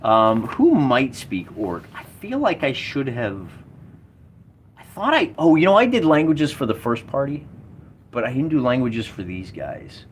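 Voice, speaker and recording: A man's voice: mid-range voice, wildly swooping pitch, a little slow, slight background noise. A man casually talking through a solo tabletop game, enthusiastic and rambling as he rolls dice and checks tables. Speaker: solo wargamer running a game.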